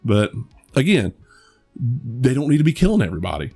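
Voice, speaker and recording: A man's voice: mid-range voice, very animated, brisk, vocal fry, warm tone, breathy edge, soft background music. A man co-hosting a podcast, chatting casually about a movie, rambling with many restarts and some swearing. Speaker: podcast co-host. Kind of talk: casual movie review chat.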